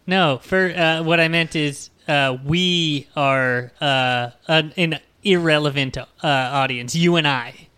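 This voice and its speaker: Smooth-voiced man joking as podcast co-host. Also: on the high side, slow pace, hardly any pauses, bright, forceful tone, no room sound. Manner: joking, self-deprecating. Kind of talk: casual comedic chat.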